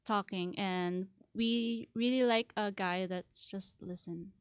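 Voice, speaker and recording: Chatty young Filipina with dry close sound. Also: female voice, medium pitch, steady tone, clean tone, dry recording. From Philippines. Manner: chatty, informal, halting phrasing. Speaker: podcast guest. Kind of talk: casual panel discussion.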